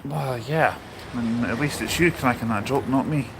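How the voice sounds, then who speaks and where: A man's voice: mid-range voice, moderate pace, creaky, noisy background. A Scottish man hosting a casual outdoor livestream, chatting, joking and reading viewer comments aloud. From Scotland. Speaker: livestream host. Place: outdoors at a railway station in the rain.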